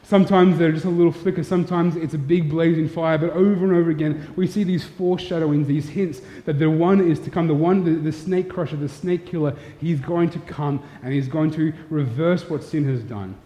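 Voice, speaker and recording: A man's voice: a little high, fairly even intonation, a little fast, hardly any pauses, mellow. A man preaching a sermon, earnest and storytelling, putting direct questions to his listeners. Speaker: pastor. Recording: echoey hall, dull lo-fi sound.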